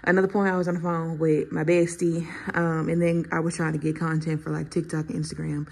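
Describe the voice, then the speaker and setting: A woman's voice: deep voice, level tone, brisk, vocal fry, a little mellow, breathy edge, rough recording. A woman in her twenties, a lifestyle vlogger, chatting casually and venting in slangy talk full of fillers. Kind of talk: casual vlog chat.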